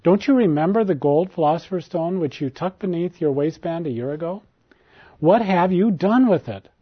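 A man's voice: a little high, lively intonation, normal speed, breathy edge. A man voicing a proud young prince who speaks earnestly and turns urgent and commanding, read as part of a storybook tale. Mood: angry, demanding. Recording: dull lo-fi recording.

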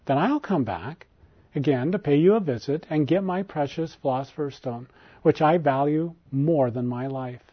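A proud, demanding prince from a storybook tale, as a man reads his lines. His voice sits a little high and earnest. The recording sounds dull and lo-fi. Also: moderate pace, natural voice. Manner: earnest, then urgent and commanding.

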